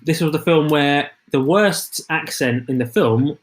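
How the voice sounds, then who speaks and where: A man's voice: a little high, a little slow. Enthusiastic man chatting about films. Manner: enthusiastic, rambling with restarts. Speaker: podcast co-host. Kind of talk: casual film chat.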